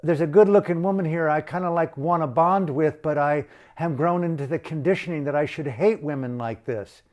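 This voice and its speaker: A man's voice: on the high side, fairly quick, a little mellow, close to an everyday voice. A man putting on the mocking inner voice of an insecure, hateful male military strongman, whiny then violent.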